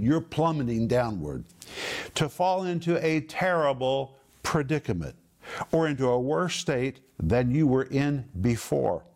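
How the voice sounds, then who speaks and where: A man's voice: mid-range voice, a little mellow. A man teaching a Bible lesson as a sermon, stressing points emphatically, repeating phrases and explaining Greek words.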